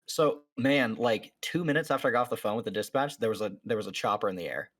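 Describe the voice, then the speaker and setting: A man's voice: on the low side, expressive, quick pace, fairly bright tone. A man on a podcast telling a story in casual chat, acting out what each person said, with many fillers. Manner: acts out the people in his story, many fillers. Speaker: podcast host.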